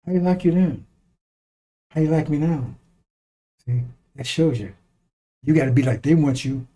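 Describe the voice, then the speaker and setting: A man's voice: fairly high pitch, normal speed, warm tone. A man giving a blunt, profane, preaching-style monologue, repeating lines for emphasis and chuckling between remarks. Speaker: online commentator.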